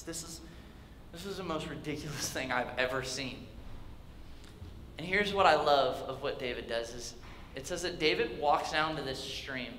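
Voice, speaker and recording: A man's voice: a little high, pushed and bright, slight background noise. A young male youth pastor preaching a sermon in a large church hall. He tells the story casually and jokingly and acts out the characters. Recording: echoey hall with faint ambience.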